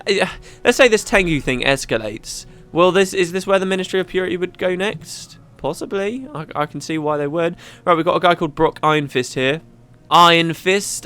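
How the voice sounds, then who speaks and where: Bright-voiced man commentating a game. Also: a little high, smooth. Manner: chatty, rambling, reads game dialogue aloud. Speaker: let's play host. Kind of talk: casual gameplay commentary.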